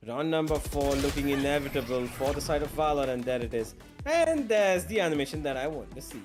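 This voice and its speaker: A man calls a live esports match in a fairly high voice, excitable and quick to climb into shouts when the action turns. He speaks as a play-by-play caster, chatty between rounds. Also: music in the background. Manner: excitable, rising to shouts on big plays.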